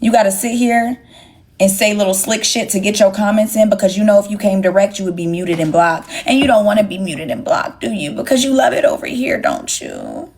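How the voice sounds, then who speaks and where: A woman's voice: mid-range voice, big pitch swings, a little fast, darkish tone. A young woman hosting a phone livestream, talking bluntly and with plenty of swearing straight to her chat. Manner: blunt, profane, sassy, talks straight to chat. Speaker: livestream host. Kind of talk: casual livestream rant to viewers.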